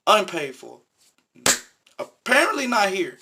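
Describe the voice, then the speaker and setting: A man's voice: sits high, sing-song, unhurried, background noise. A man vlogging, telling a personal story in an earnest, emphatic, repetitive way. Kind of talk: casual storytelling monologue.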